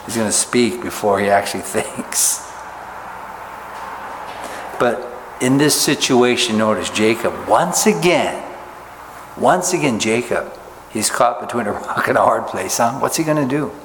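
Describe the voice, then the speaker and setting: A man's voice: mid-range voice, lively intonation, unhurried, pauses often. A male pastor preaching in a long-echoing church sanctuary, with faint ambient noise in the background. He speaks in a folksy, conversational way and keeps turning to his listeners with rhetorical questions. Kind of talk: sermon with scripture reading.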